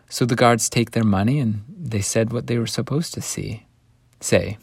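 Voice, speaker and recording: A man teaching a scripture lesson, retelling the story in an animated way that swings between hushed and lively. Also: medium pitch, moderate pace, vocal fry, husky, dry recording.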